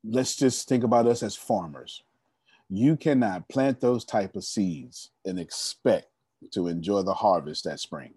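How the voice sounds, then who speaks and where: Leading a members' meeting, this young motivational speaker addresses his audience head-on with preachy, emphatic storytelling. His lowish, husky voice has a dark tone and lively intonation, and he takes his time; the studio sound is clean and echo-free.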